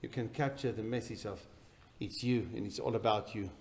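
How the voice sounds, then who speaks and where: A man preaching a sermon in a church, swinging between loud emphatic bursts and quiet, intense passages. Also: lowish voice, moderate pace, a little hiss or hum. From South Africa. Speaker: pastor.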